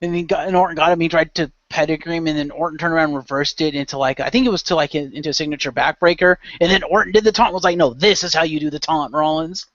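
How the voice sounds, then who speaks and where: A man's voice: a little high, racing, hardly any pauses, fairly bright tone, no echo. A man hosting a casual podcast chat, rambling through stories with lots of fillers. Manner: rambling, filler-heavy storytelling. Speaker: podcast host. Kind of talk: casual chat recapping wrestling. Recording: dull, dry lo-fi podcast audio.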